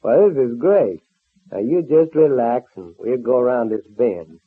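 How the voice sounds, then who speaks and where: Casting: a teasing young cowboy, husky low voice, old tinny radio serial. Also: male voice, expressive, a little slow. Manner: folksy cowboy talk. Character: easygoing young male cowboy hero, teasing. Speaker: radio drama actor. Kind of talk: 1930s radio serial acting. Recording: old narrow-band radio transfer.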